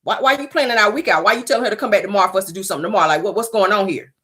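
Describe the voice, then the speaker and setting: A woman's voice: mid-range voice, racing, a bit bright. A woman hosting her own show, giving blunt, profane, sassy gossip commentary. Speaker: host.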